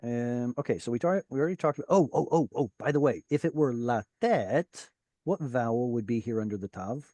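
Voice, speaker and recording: A man's voice: mid-range voice, lively intonation, a little fast, warm tone, no echo. A man teaching an online Hebrew reading class, patiently explaining grammar and encouraging his students. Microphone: video call.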